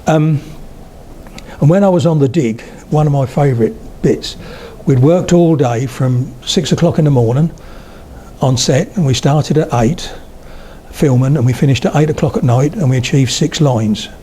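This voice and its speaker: A man's voice: mid-range voice, normal speed, dark tone, slight background noise. An older man lecturing to a live audience, telling anecdotes in a chatty way and checking in with his listeners. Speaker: lecturer on spoken English. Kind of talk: public talk to an audience. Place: talk before a live audience of about eighty.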